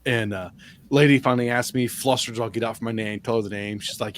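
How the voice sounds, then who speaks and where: A man's voice: mid-range voice, level tone, quick pace, a little hiss or hum. A man hosting a casual podcast, telling a story in a laid-back way, quoting people and swearing casually. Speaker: podcast host. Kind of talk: casual chat.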